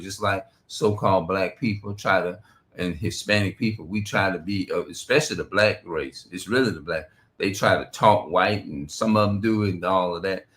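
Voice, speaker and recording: A street preacher with a fairly low, fairly bright voice rambles through a profane religious monologue on a stream. Between his remarks he reads scripture aloud.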